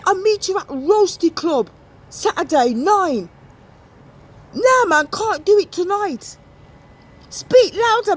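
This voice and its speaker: A woman voicing a cocky young man shouting slang into a bad phone line. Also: very high-pitched, voice pushed up, heavily acted. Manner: loud, slangy.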